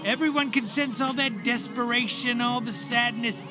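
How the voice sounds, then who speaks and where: A man's voice: extremely high pitch, fairly even intonation, moderate pace. A man voicing a vain, cocky alien who brags smugly, with game music behind. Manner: smug, boastful.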